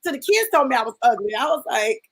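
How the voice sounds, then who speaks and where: A woman's voice: sits high, very animated, quick pace, crowd noise, rough recording. A woman in a casual panel chat, telling a personal story with feeling and acting out the voices of people in it.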